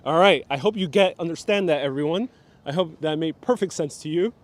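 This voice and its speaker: A man's voice: fairly high pitch, a little fast. A man, casually hosting a live walking tour outdoors, chatting and laughing as he reads out viewer comments. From New York, Puerto Rican family. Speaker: live-stream host and city guide. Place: outdoors on a waterfront park. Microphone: phone camera on a gimbal.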